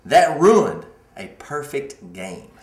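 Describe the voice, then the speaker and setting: A man hosting a casual morning show, chatting lively with many restarts. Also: mid-range voice, slow, roomy sound. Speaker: show host.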